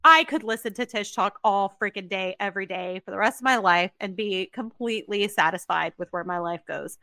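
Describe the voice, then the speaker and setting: A young woman co-hosts a casual podcast chat, and her voice comes across bright and crisp. She talks emphatically and keeps up a quick, chatty flow, with a dry, close sound. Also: mid-range voice, dry recording. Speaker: podcast co-host.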